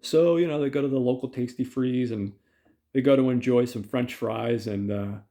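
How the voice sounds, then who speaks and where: A man's voice: medium pitch, normal speed, warm tone. A man hosting a podcast, casually retelling a film's plot with lots of fillers and quoted lines. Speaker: podcast host. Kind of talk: casual film recap.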